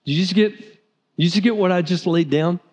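A man preaching a sermon as pastor, animated, sometimes acting out the voices of people in the story. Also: high voice, fairly quick. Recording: reverberant hall.

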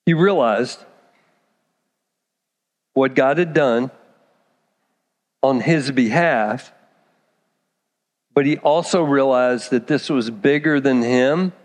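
A man preaching a sermon, telling a scripture story with lively acted-out asides and direct questions to the congregation. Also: medium pitch. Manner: animated storytelling, acts out characters. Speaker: pastor. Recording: long hall reverb.

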